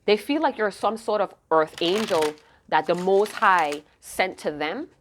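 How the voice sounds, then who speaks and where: A woman's voice: medium pitch, animated, unhurried, a little hiss or hum. A woman tarot reader speaking straight to her viewers with a mid-range voice. She talks in a loose, rambling way, stops herself mid-sentence and starts over, and her feeling shows as she works through the cards. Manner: rambling, emotive, self-interrupting. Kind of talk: intuitive tarot reading to camera.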